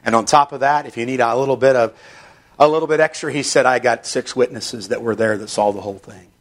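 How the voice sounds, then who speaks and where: A man preaching a sermon, reading Scripture slowly and building to emphatic, fervent passages. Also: medium pitch. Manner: emphatic, rising into fervent stretches; reads Scripture aloud in slow measured delivery.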